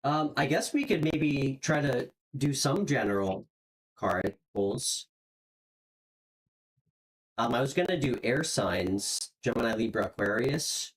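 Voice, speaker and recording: Tarot reader doing a live stream, soft encouraging tone, lots of ums and likes, voice bounces up and down a lot. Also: medium pitch, expressive, takes it slowly, rough recording. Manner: gentle and encouraging, many "um" and "like" fillers, repeats words while searching.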